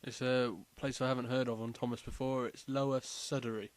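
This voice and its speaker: A man's voice: medium pitch, level tone, fairly quick, no room sound. A man answering quiz questions in casual chat, thinking aloud with fillers before each answer. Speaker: quiz contestant.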